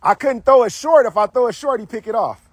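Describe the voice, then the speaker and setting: A man coaching football drills outdoors, barking commands and teasing his players with loud, energetic trash talk. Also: extremely high pitch, quick pace, husky, no echo.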